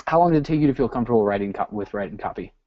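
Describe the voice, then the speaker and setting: Low-voiced man host on a muffled line. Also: animated, very fast, no room sound. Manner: earnest, steers with questions. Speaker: interview host. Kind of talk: casual interview questions. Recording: muffled call audio.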